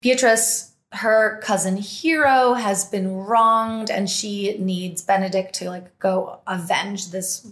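A woman's voice: medium pitch, takes it slowly, hardly any pauses. A woman hosting a podcast, telling a long personal story in casual chat, laughing often and acting out what others said. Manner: animated, laughs often, acts out quotes. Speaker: podcast host. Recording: roomy echo.

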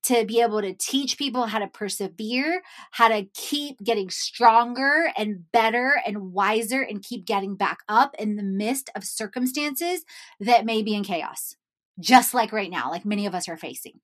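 A young American woman telling her followers a personal story. She talks in a bubbly, animated way, fills her sentences with "like," and laughs easily. Her voice sits at an everyday middle pitch. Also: moderate pace. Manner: animated, chatty, says "like" often, laughs while telling. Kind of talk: casual storytelling to viewers.

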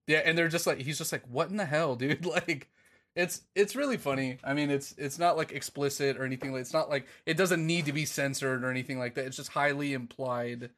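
A man's voice: fairly high pitch, fairly even intonation, a little fast, fairly bright tone. A man co-hosting a podcast in a rambling, casual chat, swearing and laughing often. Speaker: podcast co-host.

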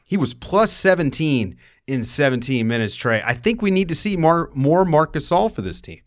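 A young adult man hosting a sports talk show, giving an upbeat, rapid run of game analysis and stats. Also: on the high side, expressive.

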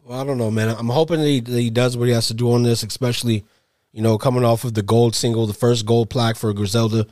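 A middle-aged man rambles through casual podcast talk, swearing freely and slipping into quick impressions of other people. His voice sits at an ordinary pitch and is recorded dry and close. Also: fairly even intonation, darkish tone, no echo. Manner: profane, rambling, acts out voices. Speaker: podcast co-host.

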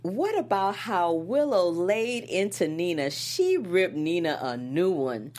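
A woman co-hosting a casual chat show, animated, laughing often and acting out quotes. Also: takes it slowly. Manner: animated, laughs often, acts out quotes with big pitch swings. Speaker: co-host. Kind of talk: casual chat reviewing a soap opera.

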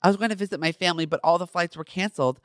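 A man's voice: sits high, very fast, a bit bright, no room sound, clean studio sound. A man reading the lines of a friendly young male actor in his own fan fiction, cheerful and easygoing. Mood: upbeat.

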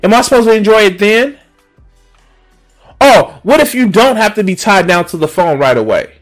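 A man streaming a reaction, ranting with sarcasm and profanity, swinging from low mutters to loud outbursts. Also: animated, normal speed, soft background music. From Chicago area.

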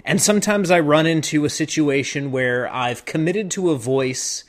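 A man hosting a casual podcast interview, asking questions in a relaxed, conversational way. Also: on the high side, moderate pace. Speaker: podcast host.

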